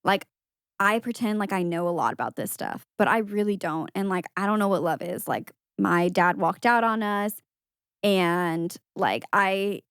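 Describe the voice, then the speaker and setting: Young woman chatting thru a movie recap, jumps into squeaky character voices, dry close mic. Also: dry recording. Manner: animated storytelling with high-pitched quoted voices and frequent laughs. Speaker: podcast co-host. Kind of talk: casual movie recap chat.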